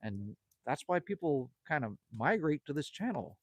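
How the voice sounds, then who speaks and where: Reading viewer comments during a casual outdoor stream at a country cabin at sunset, a man in his 50s rambles warmly. His slightly high voice has a sing-song lilt at a normal speed, with no room sound.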